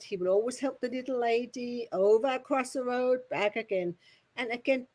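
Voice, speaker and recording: A woman's voice: on the high side, warm tone. A woman medium giving messages at a spiritualist service, chatty and rambling, often laughing.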